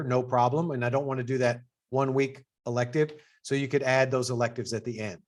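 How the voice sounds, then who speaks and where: A middle-aged man speaks with a Texas twang as he presents an information session to prospective students. His delivery is casual and upbeat, and his pitch jumps up on the points he wants to stress. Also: steady tone, fairly quick, few pauses. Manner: upbeat and conversational, with sudden pitch jumps for emphasis. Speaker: assistant dean hosting an information session.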